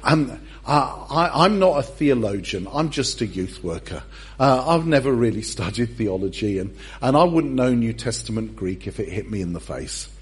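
A man's voice: medium pitch, very animated, moderate pace, husky. A male pastor preaching a sermon, humorous and self-deprecating as he tells the story.

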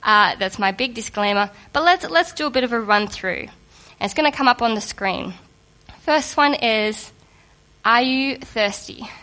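A woman giving a sermon to a congregation in a lively, conversational and humorous way, just getting over a cold. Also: fairly high pitch, measured pace. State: recovering from a cold. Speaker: preacher.

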